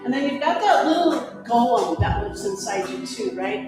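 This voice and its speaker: Calm yoga teacher woman, echoey studio. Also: mid-range voice, normal speed, hardly any pauses, over music. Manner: calm, encouraging cues with breath prompts. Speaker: yoga instructor. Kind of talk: guided yoga class instruction.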